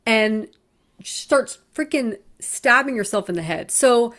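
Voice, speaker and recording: A woman's voice: fairly high pitch, unhurried. A woman co-hosting a podcast in casual chat, animatedly retelling scenes and swearing freely. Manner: animated storytelling with acted-out quotes. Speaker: podcast co-host.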